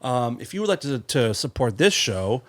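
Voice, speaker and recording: Man co-host, mid-pitched, playful ribbing, laid-back chat. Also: very animated, moderate pace, a bit bright. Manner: joking, teasing banter. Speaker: podcast co-host. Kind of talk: casual chat.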